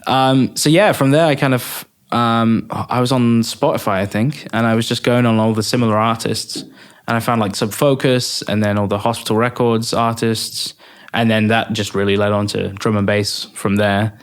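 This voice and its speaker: A man's voice: on the low side, moderate pace, clear, resonant tone. Young English man, easygoing and rambling. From England. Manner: relaxed, rambling, frequent fillers and laughs. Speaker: guest music producer. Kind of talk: casual interview.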